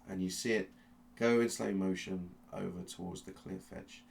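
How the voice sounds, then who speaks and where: Game master, male, deep and gravelly, slow suspenseful narration with restarts. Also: steady tone, a little mellow, a little hiss or hum. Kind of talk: dramatic second-person narration of a tabletop game.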